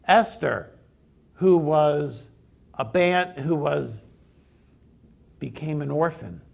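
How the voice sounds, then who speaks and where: Pastor, male; gravelly, slow-paced conversational sermon storyteller. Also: on the high side, lively intonation.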